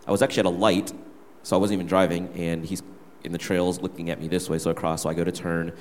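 A man's voice: sits low, level tone, quick pace, darkish tone, a little hiss or hum. A young man, a worship leader, candidly telling a personal story to his church gathering. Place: church hall. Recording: reverberant hall.

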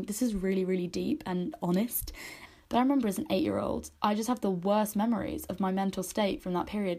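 Woman, twenties, podcast host, candid emotional monologue, mellow warm tone, mid-pitched. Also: gravelly. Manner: candid, emotional, speaks in run-on spoken sentences with many likes. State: choked up.

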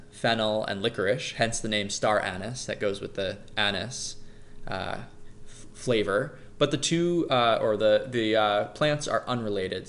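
A man's voice: on the low side, a bit bright, slight background noise. A man hosting a casual podcast, upbeat and jokey, explaining facts loosely with fillers. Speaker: podcast host.

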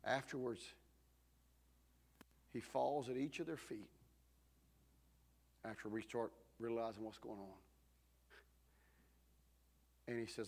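A male pastor, preaching a sermon as a dramatic story that swings between shouting and hushed tones. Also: mid-range voice, fairly even intonation, takes it slowly, gravelly, pauses often.

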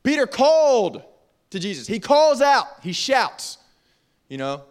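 A young man preaching a casual youth sermon in an animated, jokey, conversational way. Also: very high voice, measured pace. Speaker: youth pastor.

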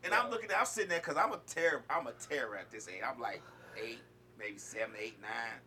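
A man co-hosting a podcast in casual chat, with a gravelly voice, telling laughing stories. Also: mid-range voice, a little fast, bright, forceful tone, slight background noise. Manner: brief interjections, laughing stories. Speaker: podcast co-host.

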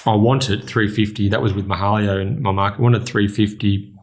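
A man's voice: fairly low pitch, steady tone, fairly quick. An Australian man hosting a racing podcast, steadily running the segments and going through race fields in casual chat. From Western Australia.

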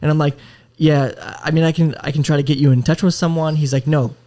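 A man co-hosting a podcast, casually telling a story in a worked-up, animated way with swearing. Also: on the high side, quick pace. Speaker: podcast co-host.

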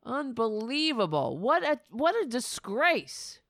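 A woman's voice: a little high, big pitch swings, slow pace, a bit bright, no room sound, clean studio sound. A woman hosting a political talk show, ranting with sarcastic, indignant anger and frequent swearing. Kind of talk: angry political commentary.

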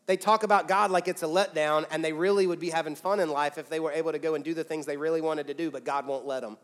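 A man preaches to his congregation in a fairly high voice. He pushes key lines up loud and then drops to near-quiet appeals. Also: steady tone, quick pace. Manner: emphatic preaching with big swings from loud to soft. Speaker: pastor. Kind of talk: sermon. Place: church auditorium with a congregation.

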